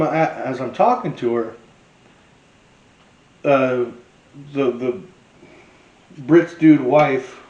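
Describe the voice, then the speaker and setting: A man's voice: fairly high pitch, darkish tone, reverberant, dull audio. A man hosting a cooking show, telling a rambling, profane story and laughing as he cooks. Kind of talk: casual storytelling while cooking.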